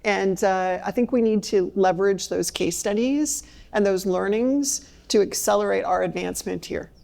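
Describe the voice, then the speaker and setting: A woman's voice: mid-range voice, moderate pace, gravelly, darkish tone. A woman answering on a conference panel, hesitant, with many fillers and restarts. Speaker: panelist, consultant.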